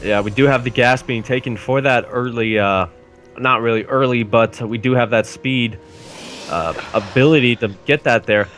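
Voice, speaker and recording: A man's voice: medium pitch, normal speed, soft background music. Male esports play-by-play caster. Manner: steady play-by-play with filler "uh"s. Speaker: caster, channel owner.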